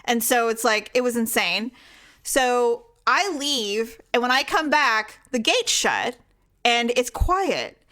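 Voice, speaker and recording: Animated woman telling a story. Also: on the high side, slow. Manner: animated storyteller, acts out quotes and animal sounds. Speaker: podcast co-host. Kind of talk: casual chat, storytelling.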